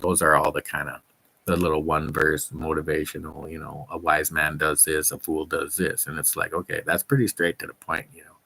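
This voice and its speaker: A man's voice: extremely low pitch, vocal fry, pushed and bright. A middle-aged man chatting casually to his viewers as a fitness vlogger, rambling and enthusiastic, with many fillers and restarts. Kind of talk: casual chat to camera.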